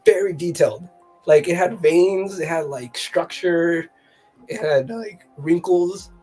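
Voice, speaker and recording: A guest telling a funny family story in a casual chat, animated and often laughing, with a slightly husky voice. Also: medium pitch, takes it slowly, faint music behind.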